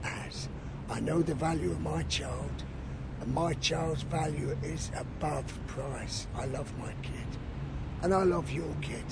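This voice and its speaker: Angry man with a gravelly voice. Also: on the high side, slow pace, heavy background noise. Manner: angry, profane, rhetorical questions. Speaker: peace campaigner. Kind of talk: impassioned interview answers.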